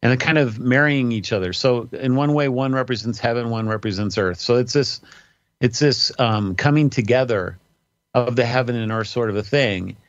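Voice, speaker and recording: A man's voice: mid-range voice, normal speed, no room sound, highs cut off. A man, a pastor and podcast guest, talking casually with lots of fillers and restarts over remote call audio. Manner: rambling, many fillers and restarts.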